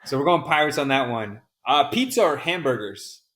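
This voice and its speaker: A man's voice: medium pitch, big pitch swings, moderate pace, bright, forceful tone. A man co-hosting a podcast in casual chat, joking and swearing freely. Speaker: podcast co-host.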